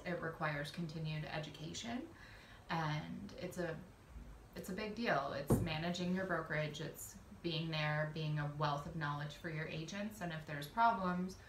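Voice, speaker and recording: Low-voice woman, realtor on a podcast explaining stuff steady, echoey room. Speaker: real estate agent, podcast co-host. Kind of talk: casual podcast chat, explaining terms. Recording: echoey room, faint noise.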